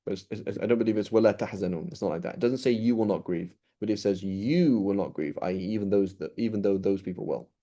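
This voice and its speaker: A man's voice: lowish voice, steady tone, very fast, few pauses, dark tone. A man teaching an informal Quran study class, explaining step by step and checking in with his listeners often.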